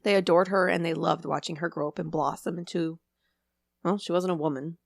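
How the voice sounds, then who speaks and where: A woman's voice: on the low side, fairly even intonation, brisk, vocal fry, no echo, studio quality. A young woman co-hosting a casual podcast, joking, swearing and teasing as she chats. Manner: swearing, laughing, teasing banter. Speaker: podcast co-host. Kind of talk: casual chat.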